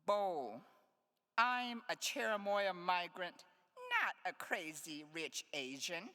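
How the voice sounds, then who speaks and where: A woman's voice: lowish voice, sing-song, takes it slowly, sharp tone. A woman poet giving a live reading in a conference hall, with playful, wry asides between poems. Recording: long hall reverb.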